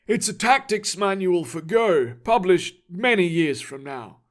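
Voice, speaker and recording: A man's voice: high voice, a little slow. A man doing a wry ancient librarian. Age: older. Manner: calm, amused and knowing.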